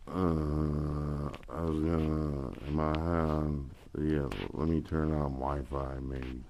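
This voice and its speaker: Very deep-voiced drunk man rambling. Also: level tone, slow, dark tone, slight background noise. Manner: crude, swearing, slurred rambling. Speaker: livestreamer. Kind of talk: rambling casual chat.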